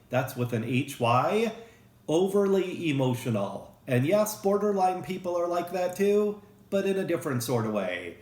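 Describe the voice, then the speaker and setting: Joking male psychology lecturer. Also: mid-range voice. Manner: casual, joking, lively with acted examples. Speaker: psychology professor. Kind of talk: recorded lecture. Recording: roomy echo.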